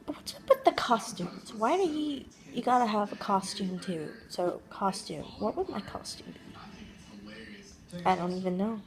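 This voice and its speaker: A woman's voice: mid-range voice, lively intonation, normal speed, crowd noise, low-quality recording. A woman vlogger musing aloud in a casual, jokey monologue, rambling and trailing off as she thinks.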